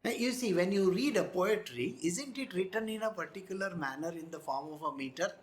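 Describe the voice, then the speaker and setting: A man giving a spiritual discourse, speaking slowly, sounding out words and often checking whether listeners follow. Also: high voice, lively intonation, reverberant. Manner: slow, demonstrates pronunciation, asks listeners if they follow. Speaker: spiritual teacher.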